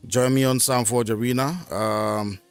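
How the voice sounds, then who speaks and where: A man's voice: mid-range voice, fairly even intonation, measured pace, smooth, no echo. Rambling male stream host, dry close mic. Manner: rambling, many fillers and restarts. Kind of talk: casual solo live stream talk.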